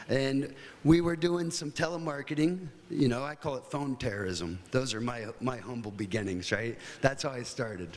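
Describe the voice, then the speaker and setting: In a large hotel conference hall, a middle-aged American man with a mid-range voice gives a guest talk. His delivery is casual and chatty, full of stories and plenty of fillers.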